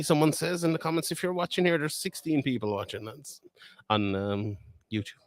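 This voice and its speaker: This young Limerick man, from Ireland, speaks at normal speed in an expressive, medium-pitched voice while live streaming casually from a fight weigh-in. He's rambling and chatty with frequent laughter, recorded on a phone camera without echo.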